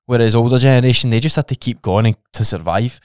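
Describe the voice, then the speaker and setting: A man's voice: medium pitch, fast, darkish tone, no echo, clean studio sound. A Scottish man chatting casually as a guest on a podcast, talking bluntly with plenty of swearing.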